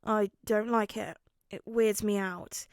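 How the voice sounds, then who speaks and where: A woman voicing a shy, anxious teenage boy who speaks quietly and hesitantly. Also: medium pitch, steady tone, slow, no echo, studio quality. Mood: uneasy.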